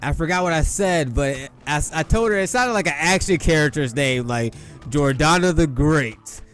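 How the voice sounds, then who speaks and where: A man's voice: on the high side, animated, fairly quick, a bit bright, soft background music. A young man, a gaming YouTuber, telling a boastful, profane, rambling story in casual talk into a desk mic. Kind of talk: casual storytelling over gameplay.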